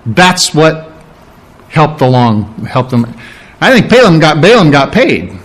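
A man's voice: on the high side, very animated, takes it slowly, poor audio. A male preacher telling a Bible story in a conversational sermon, with many restarts.

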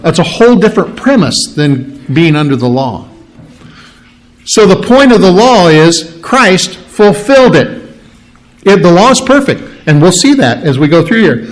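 Male pastor, high voice, casual Bible-teaching sermon, rhetorical questions. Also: low-quality recording.

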